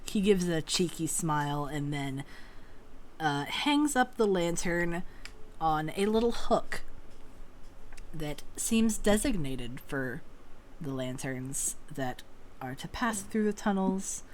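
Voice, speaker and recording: A woman's voice: deep voice, animated, slow, slight background noise. A woman narrating a tabletop game as game master, casual and swearing freely.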